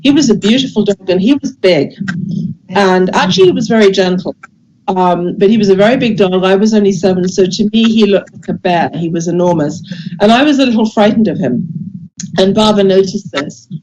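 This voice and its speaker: An older woman who grew up in England, gently recounting memories in a casual, hesitant way with many restarts, over a video call. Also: medium pitch, a little fast, slight background noise, rough recording. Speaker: guest speaker sharing memories.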